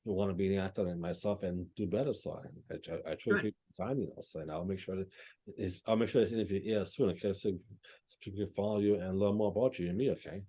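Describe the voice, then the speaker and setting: A man's voice: deep voice, fast, dark tone, slightly rough. A male podcast host who stammers and repeats words as he asks questions. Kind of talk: casual interview.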